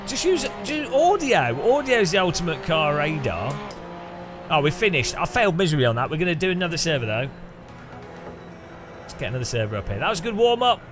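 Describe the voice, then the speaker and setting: A man's voice: fairly high pitch, big pitch swings, fairly quick. An Englishman streaming a racing game in casual, sarcastic chat with frequent laughs, with music playing behind. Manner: chatty, sarcastic, laughs often. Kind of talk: casual gaming commentary.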